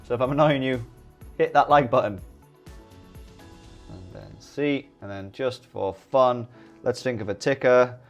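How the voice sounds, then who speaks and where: A middle-aged British man giving a relaxed software walkthrough tutorial, full of joking, rambling asides. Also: medium pitch, measured pace, long pauses, lo-fi sound, soft background music. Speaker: day-trading YouTuber. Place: home desk early morning.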